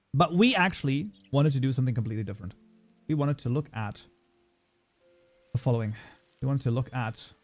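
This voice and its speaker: A man's voice: medium pitch, darkish tone, dry recording. A man with a German accent, originally from Germany, hosting a casual livestream tutorial. He chats as he works, reading viewer messages aloud and answering them. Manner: chatty, reads viewer chat aloud and answers it. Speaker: modding streamer.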